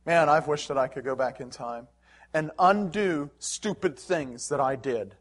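A man's voice: fairly high pitch, a little slow. A middle-aged man preaching a sermon in an earnest, emotional way, with swells of emphasis. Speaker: pastor.

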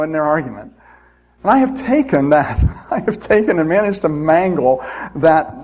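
Husky-voiced male preacher. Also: fairly high pitch, darkish tone, poor audio. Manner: conversational, self-deprecating preaching with asides to the congregation. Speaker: pastor. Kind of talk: sermon. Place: church.

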